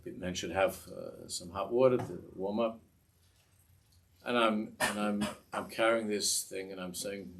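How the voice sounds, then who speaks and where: Male rabbi storyteller, deep voice, lively sermon tale. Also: unhurried, creaky, background noise. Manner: animated, repetitive storytelling with restarts.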